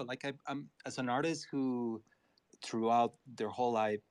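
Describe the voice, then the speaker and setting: A man from Mexico, a designer and artist guest, talking casually in a halting way with many restarts. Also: medium pitch, steady tone, smooth, no echo. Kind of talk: casual interview talk.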